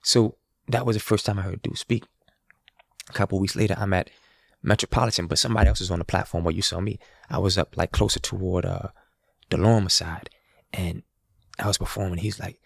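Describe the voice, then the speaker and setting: A man telling a story, quick and gravelly, with a husky edge to his voice. He slips into the voices of the people he quotes as he goes. The sound is close and dry. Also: deep voice, dry recording. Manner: animated, acts out quoted dialogue. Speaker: guest street musician. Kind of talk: casual storytelling.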